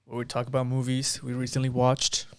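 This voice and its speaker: A man with a gravelly, mid-pitched voice chatting on a podcast. He is laid-back and mostly answers in short bits and quick questions. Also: monotone. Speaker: podcast co-host. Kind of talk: casual chat.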